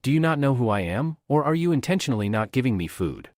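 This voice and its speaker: A man's voice: medium pitch, big pitch swings, quick pace, no room sound, clean studio sound, natural voice. A man reading the lines of a proud, blunt young woman warrior in a comic story, with demanding, haughty questions.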